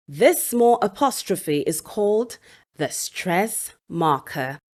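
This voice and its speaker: A woman hosts a scripted pronunciation lesson, sounding out every example word with slow, deliberate care. Her pitch sits in the middle but moves a great deal, rising and falling through each word. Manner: slow, careful, enunciating example words. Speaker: English pronunciation teacher, channel host.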